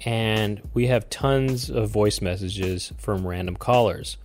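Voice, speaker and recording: A man's voice: fairly low pitch, slow, darkish tone, soft background music. A man hosting a comedy show about prank calls, joking and laughing often in casual chat. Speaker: podcast host.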